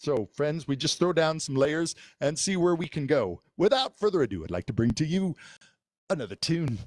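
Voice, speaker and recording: A man's voice: on the high side, animated, normal speed, dry recording, studio quality. A man hosting a casual music livestream, chatting to viewers in a rambling way with many filler words. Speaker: live-stream host and musician. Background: loud music.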